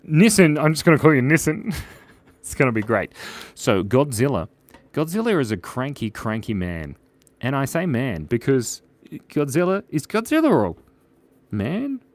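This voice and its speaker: A man's voice: medium pitch, dry recording. A young man hosting a casual livestream, drawing requests and reading chat aloud in a playful, giggly way.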